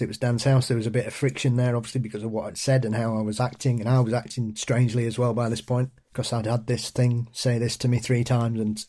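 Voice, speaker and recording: A man's voice: mid-range voice, mellow. A middle-aged man, recounting a personal ghost story in a rambling, casual way, often restarting sentences and laughing at himself. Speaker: storyteller guest.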